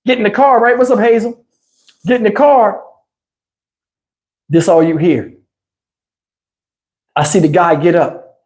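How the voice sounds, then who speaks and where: A man's voice: sits high, measured pace, long pauses. Man telling a story with crude slang. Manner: animated, laughs often, crude slang. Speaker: live-stream storyteller. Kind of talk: casual anecdotal storytelling. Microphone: wireless lapel mic.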